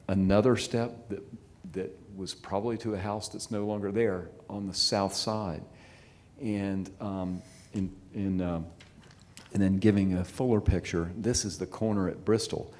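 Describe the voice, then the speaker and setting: Halting low-voiced man presenting plans. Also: a little mellow. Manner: halting, many restarts and fillers. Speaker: project presenter. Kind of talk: public meeting presentation. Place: city meeting, remote or chamber.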